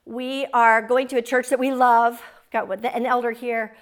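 A woman's voice: a little high, little pitch movement, moderate pace. A woman in her forties telling a personal testimony to an audience in an earnest, fervent storytelling manner. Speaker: speaker sharing a testimony.

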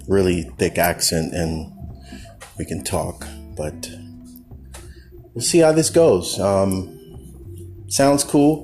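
Male podcast host, deep-ish voice, unhurried, animated rambling monologue. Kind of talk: casual monologue.

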